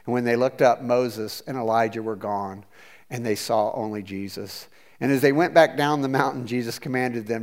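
Guy preaching a laid-back sermon, talks like he's chatting, gets animated, stumbles and restarts a lot. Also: medium pitch, moderate pace. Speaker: pastor. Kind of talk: conversational sermon.

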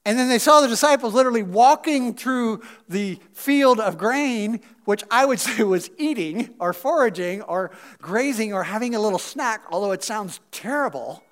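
A man with a high-pitched voice preaching a relaxed, chatty sermon. He talks like he's chatting with friends and drops in fillers and asides. He punches some points loudly and drops others to a near-murmur. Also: moderate pace, few pauses. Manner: animated, swings between loud emphasis and quiet asides. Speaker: pastor. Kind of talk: casual conversational sermon.

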